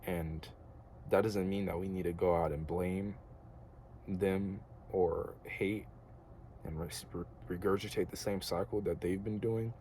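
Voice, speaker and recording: A man's voice: sits low, fairly even intonation, measured pace, mellow, slight background noise. A young American man giving an earnest, rambling spiritual monologue to camera, casual and slangy with lots of filler words. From United States. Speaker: vlogger.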